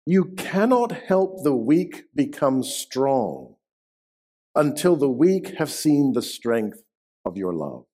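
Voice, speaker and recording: A man preaching a sermon in a church, emphatic, slowing down and dropping his voice to stress key words. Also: mid-range voice, very animated, mellow, slightly rough. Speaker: pastor. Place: church sanctuary.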